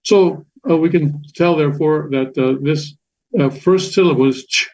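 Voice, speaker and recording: Male teacher, fairly high voice, patient and repetitive with lots of "uh"s, dull lo-fi recording. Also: normal speed, creaky, a little mellow. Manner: patient, repetitive, many fillers and restarts. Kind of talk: classroom lecture explaining Korean letters. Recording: dull lo-fi sound.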